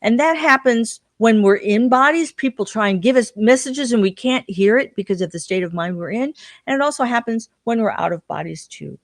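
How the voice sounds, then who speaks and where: A woman's voice: a little high, lively intonation, fairly quick, no echo, studio quality. A woman guest in an interview, telling stories and acting out the people she quotes. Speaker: guest researcher. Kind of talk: interview storytelling.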